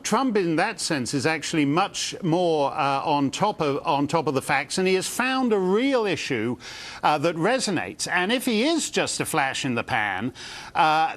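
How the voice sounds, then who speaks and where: Brief: male pundit guest, lively up-and-down delivery, sardonic quips. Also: fairly high pitch. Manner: wry, animated, sardonic asides. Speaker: political commentator guest. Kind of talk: cable news interview.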